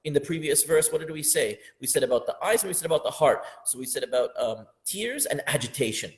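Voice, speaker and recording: A man's voice: a little high, animated, quick pace. A man teaching a religious lesson on a poem, speaking with feeling and rising to emphatic peaks. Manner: impassioned, building up to loud emphatic peaks, sometimes half-singing verses.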